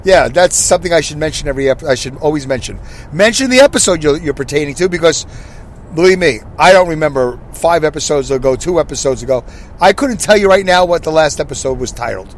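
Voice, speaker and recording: This podcast host, a man in his sixties, talks on his own from his car in a casual, rambling way, correcting himself and asking his audience questions. He's animated and fast, with a slightly high voice. There's a little hiss or hum.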